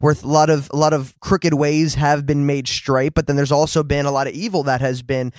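Earnest man with a higher voice. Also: level tone, fairly quick, a little mellow, no room sound, clean studio sound. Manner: earnest, many restarts and fillers. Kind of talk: casual faith conversation.

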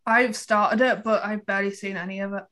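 A woman's voice: medium pitch, steady tone, brisk, a bit bright. A woman guest in a casual podcast chat, upbeat and giggly.

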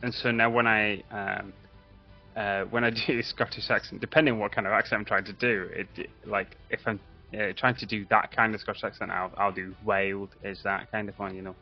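A man's voice: fairly low pitch, level tone, brisk, gravelly. A man who does voice acting, a podcast guest telling his story in casual chat, hesitant and full of fillers and restarts. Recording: dull lo-fi audio with faint music.

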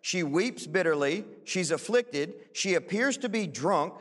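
A man preaches with a high, bright-sounding voice that climbs into impassioned pleading. His words ring out with a long reverb tail, as in a large church hall. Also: a little slow. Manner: animated, rising into impassioned pleading. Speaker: pastor. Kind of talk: sermon.

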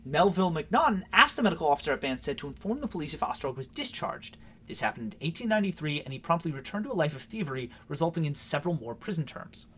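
A man co-hosting a casual podcast, reading notes aloud and bursting into loud profane outbursts. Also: a little high, sing-song, quick pace, a little hiss or hum. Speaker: podcast co-host.

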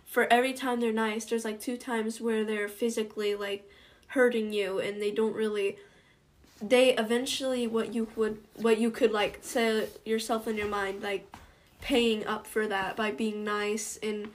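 A young woman co-hosting a casual podcast, joking around and laughing loudly at her own remarks between thoughtful talk. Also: on the high side, level tone, unhurried. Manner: jokey, laughs loudly at herself. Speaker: podcast co-host. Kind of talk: casual chat.

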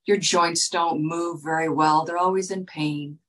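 A woman's voice: low voice, steady tone, measured pace, a bit bright, low-quality recording. A woman talking straight to her viewers in an earnest, lecturing way, often checking in with "okay?". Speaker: wellness speaker. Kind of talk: direct-to-viewer talk.

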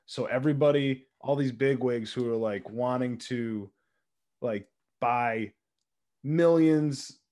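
A man in easy, casual conversation, telling lively stories that often break into laughter. His pitch sits in an ordinary middle range and he swears freely. He talks like a regular on his own show. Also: takes it slowly. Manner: animated storytelling with frequent laughs and swearing. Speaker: podcast co-host. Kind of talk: casual chat.

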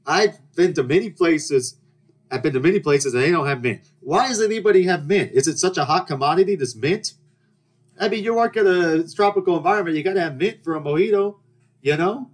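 A man's voice: a little high, animated, a little fast. A young man hosting a casual storytelling podcast, rambling and joking with restarts and mock-outraged rants. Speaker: podcast host.

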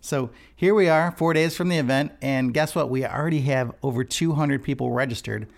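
A man's voice: medium pitch, a little fast, vocal fry. A man who leads worship at a church, chatting in a casual devotional vlog, rambling a little with restarts and asides.

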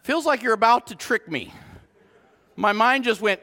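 A male pastor preaching a sermon, animated, moving from quiet asides to shouted emphasis. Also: very high-pitched, moderate pace, pauses often, in a large hall.

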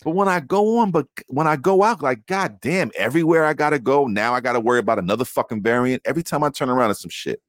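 A man co-hosting a podcast, talking in a blunt, profane, animated way. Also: medium pitch, fast, hardly any pauses, dry recording, studio quality. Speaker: podcast co-host. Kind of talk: casual chat.

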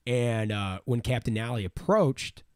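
A man telling a true-crime story in a casual chat, rambling and repeating words as he goes. He swears freely, and his pitch sits in a middle register. The recording is dry and close. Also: measured pace, dry recording. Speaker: podcast host, storyteller.

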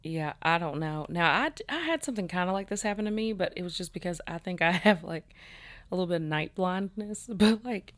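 A woman's voice: fairly low pitch, lively intonation, fairly quick, no room sound. A woman co-hosting a podcast, chatting casually and rambling a little as she tells her own story, laughing easily. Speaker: podcast co-host. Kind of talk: casual chat.

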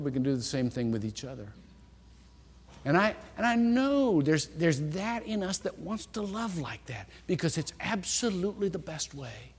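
A middle-aged man preaching a sermon, telling stories with lively acted-out dialogue. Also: on the high side, slightly rough. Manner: animated storytelling, acts out quoted dialogue. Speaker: pastor. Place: church sanctuary. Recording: long hall reverb.

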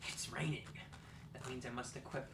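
A man's voice: medium pitch, fairly even intonation, moderate pace, creaky, noisy background. A man talks through a video game in a dry, matter-of-fact tone. He mostly feeds his co-host short, plain replies. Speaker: podcast co-host. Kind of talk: casual gaming chat.

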